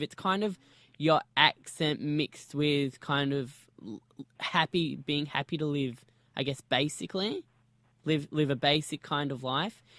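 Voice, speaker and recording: A man's voice: a little high, a bit bright, no room sound. A man hosting a casual interview, explaining things hesitantly and laughing easily.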